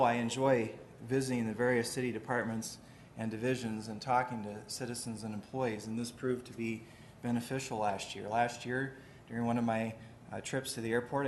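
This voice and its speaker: A man, the mayor, giving a measured, deliberate formal address at a city committee meeting in a council chamber. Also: mid-range voice, a little hiss or hum.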